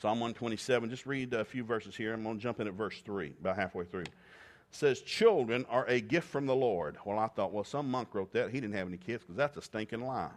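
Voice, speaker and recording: A man's voice: lowish voice, quick pace. Joking middle-aged man preaching. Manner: humorous, joking asides between scripture readings; bursts into loud whoops and laughter. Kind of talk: sermon.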